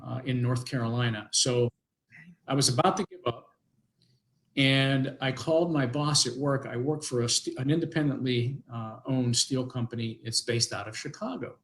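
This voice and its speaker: A man's voice: medium pitch, fairly even intonation, normal speed, low-quality recording. An older man, a guest on an interview show, telling a personal story in a rambling way, with many restarts and acted-out quotes.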